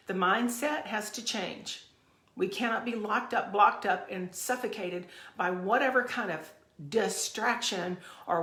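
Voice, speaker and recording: A woman's voice: medium pitch, a bit bright. A woman hosting her own podcast, delivering a fervent, emphatic motivational rant full of repeated phrases. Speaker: podcast host. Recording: echoey room.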